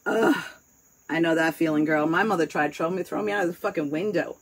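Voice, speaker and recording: A woman's voice: low voice, fast, gravelly, slightly rough, low-quality recording. A woman with a New York accent chatting casually, candid and rambling, swearing freely as she talks. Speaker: host. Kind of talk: casual chat.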